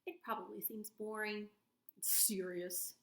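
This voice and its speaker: A woman's voice: mid-range voice, level tone, a little slow, creaky, roomy sound. A woman reading a children's book aloud in a playful, silly, exaggerated voice. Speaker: storybook reader for children.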